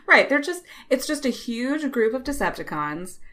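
A woman co-hosting a podcast, chatting casually about a show she watched, laughing often and acting out bits of dialogue in quick put-on voices. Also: high voice, sing-song, bright, forceful tone. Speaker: podcast co-host. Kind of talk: casual recap chat.

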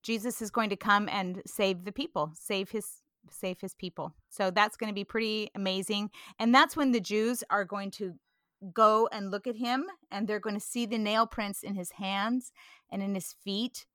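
Bright-voiced woman, earnest and animated. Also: medium pitch, moderate pace, dry recording, clean studio sound. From California. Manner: earnest, animated, laughs easily. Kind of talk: casual religious discussion.

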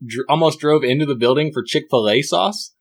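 A man's voice: fairly high pitch, brisk, husky. A young man telling a rambling story to friends, swearing freely and acting out quotes. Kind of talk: casual chat with friends.

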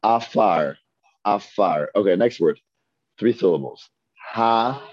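A man teaching a Hebrew reading class, patiently repeating words slowly and asking his students questions. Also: on the low side, animated, a little mellow, no room sound. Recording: dull lo-fi dry recording.

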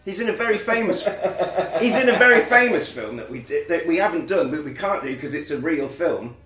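A man, hosting a casual podcast and recapping a film with lively put-on voices for the characters. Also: on the high side, fairly quick, reverberant, faint music behind. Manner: animated, acts out film lines in put-on voices. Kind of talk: casual chat.

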